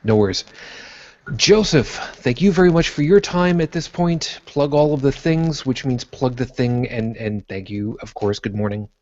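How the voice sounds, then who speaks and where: A man's voice: mid-range voice, expressive, moderate pace, a little mellow, muffled recording. A man hosting a casual podcast, thanking each guest in turn and stumbling over his words as he goes. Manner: rambling, repeats words when thanking guests. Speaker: host.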